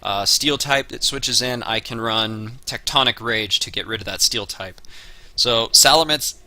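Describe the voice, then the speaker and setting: A man's voice: mid-range voice, measured pace, pushed and bright, no echo. A man giving a casual spoken analysis of his draft picks, working through lists with frequent "uh" and "um" fillers. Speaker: Pokemon draft league player.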